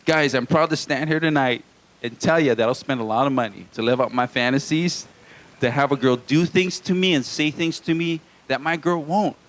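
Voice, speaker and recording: Guy from hawaii doing stand-up live, kinda high voice, crude jokes, messing with the crowd. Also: moderate pace. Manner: crude, playful crowd banter. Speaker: stand-up comedian. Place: small live comedy venue.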